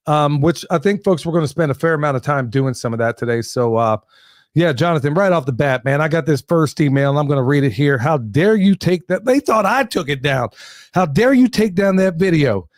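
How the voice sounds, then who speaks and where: Man, podcast host, higher voice, joking and laughing, dry close sound. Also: no room sound. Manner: joking, laughs often, addresses folks. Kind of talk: casual podcast chat.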